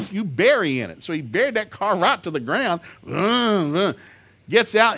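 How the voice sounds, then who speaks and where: Guy telling a funny story, bright voice, swings up and down, keeps cracking up. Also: high-pitched, breathy edge. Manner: animated, laughs often at his own story. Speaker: speaker. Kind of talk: humorous storytelling.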